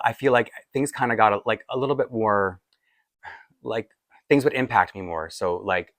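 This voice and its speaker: A man's voice: lowish voice, fairly bright tone, dry recording. A man in his forties telling a personal story in a casual, rambling way, with many fillers and restarts. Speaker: doll collector vlogger.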